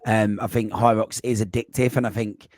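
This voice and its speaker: Soft-spoken low-voiced male podcast host. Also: steady tone, moderate pace, no echo. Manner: gentle, hesitant, many "um"s. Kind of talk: interview chat.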